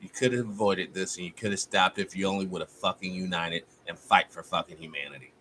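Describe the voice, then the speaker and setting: Man, live-stream host, bright edgy tone, heated preacher-style rant, cursing, faint background hiss. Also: low-pitched, steady tone, fairly quick. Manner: fiery, profane, preacher-like exhortation. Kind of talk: impassioned live-stream monologue.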